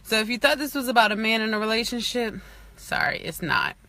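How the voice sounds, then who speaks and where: Woman, faith vlogger, chatty livestream testimony, bright tense tone, dry close sound. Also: a little high, lively intonation, a little fast, no echo. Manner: chatty, full of "like" and "you know"; earnest, near tears at times.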